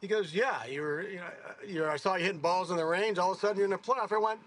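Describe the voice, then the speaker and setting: His voice is high and he talks fast with few pauses: a golfer in his sixties giving a casual interview. He rambles through his stories animatedly, correcting himself repeatedly.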